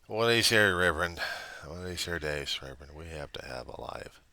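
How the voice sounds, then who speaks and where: A man speaking in a rambling, self-deprecating video diary to a reverend, moving between quiet musing and loud outbursts. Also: deep voice, animated, fairly quick, no room sound. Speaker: video diarist addressing a reverend. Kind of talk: personal video diary monologue.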